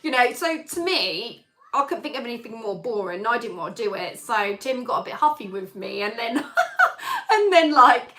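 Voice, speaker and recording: A woman chats on a live stream, telling a long, rambling story full of fillers. Her voice sits a little high and sounds strikingly bright and sharp. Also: very animated, moderate pace. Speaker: singer hosting a live chat stream. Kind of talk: casual live-stream chat.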